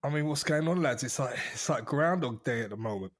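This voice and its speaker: A man hosts a football fan podcast in a relaxed, friendly way and chuckles often. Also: mid-range voice, fairly quick. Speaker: podcast host. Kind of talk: casual fan podcast chat.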